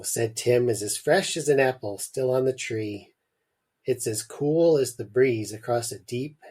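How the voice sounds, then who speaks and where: Reading a short story on his podcast, a husky, mid-range-voiced man keeps the delivery expressive and drops in jokey asides.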